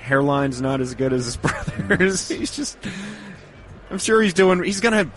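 Animated male sports co-host. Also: fairly high pitch, a little slow, faint music behind. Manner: animated, joking banter. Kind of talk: casual sports radio chat.

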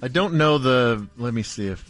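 A man's voice: medium pitch, expressive, normal speed, fairly bright tone, soft background music. A man co-hosting a radio talk show, chatty and self-deprecating as he relays the news. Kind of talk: casual banter.

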